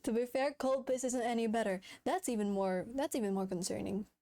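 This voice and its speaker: Giggly high-voiced woman streamer. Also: fairly quick, warm tone. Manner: giggly, laughs often, swears casually. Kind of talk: casual chat reading viewer messages.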